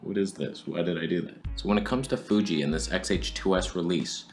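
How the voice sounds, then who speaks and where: A man's voice: sits low, fairly quick, soft background music. A man giving a sarcastic, comedic camera review, swinging between whispers and outbursts.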